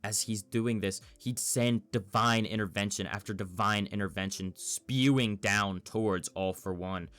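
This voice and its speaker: A man narrating a fan story in a measured storytelling manner. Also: fairly low pitch, fairly bright tone, soft background music.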